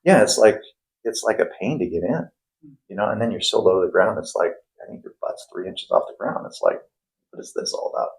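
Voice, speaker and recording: Middle-aged guy, low creaky voice, chatty interview guest, lots of um and restarts. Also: lively intonation, brisk, low-quality recording. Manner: rambling, many restarts and fillers. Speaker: guest investor and former plumber. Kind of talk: casual interview conversation.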